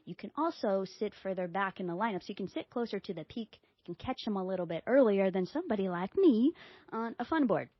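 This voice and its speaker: Expressive woman podcast host with a dry, slightly dull recording. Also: fast talker, dry recording. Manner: animated, acts out quoted dialogue with big pitch jumps. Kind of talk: casual storytelling.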